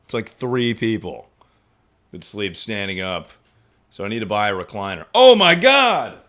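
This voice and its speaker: A young man streaming, chatting casually and profanely about his injury, mocking himself with sudden loud outbursts. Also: lowish voice, moderate pace. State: injured, in pain. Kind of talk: casual livestream chat.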